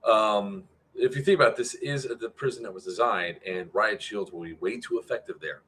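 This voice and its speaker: Low-voiced man rambling through updates. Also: brisk, fairly bright tone, slight background noise. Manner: rambling, filler-heavy, answers chat. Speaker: airsoft event organizer. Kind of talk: casual livestream update.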